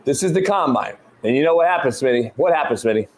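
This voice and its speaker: A man hosting a sports talk show, ranting loudly and swearing freely as he tells stories. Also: medium pitch, lively intonation, fast talker. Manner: loud, swearing, ranting storyteller. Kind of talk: profane sports talk rant.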